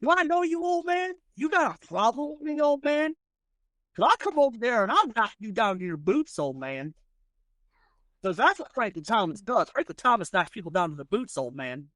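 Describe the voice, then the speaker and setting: A man's voice: extremely high pitch, big pitch swings, moderate pace, pushed and bright, no room sound, studio quality, exaggerated voice. A man voicing a boastful, bullying outlaw gunslinger who keeps taunting an old man, in a tabletop game. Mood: threatening.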